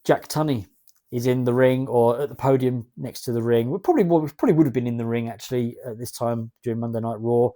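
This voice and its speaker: Guy doing chatty let's play commentary, rambly, warm mellow voice, dry sound. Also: medium pitch, quick pace, dry recording. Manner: chatty, rambling, reads out game text. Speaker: gaming video host.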